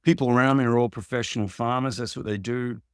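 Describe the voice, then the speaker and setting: A man's voice: mid-range voice, fairly even intonation, quick pace, clear, resonant tone, dry recording. Australian man chatting in a dry voice. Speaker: musician guest. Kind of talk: casual interview chat.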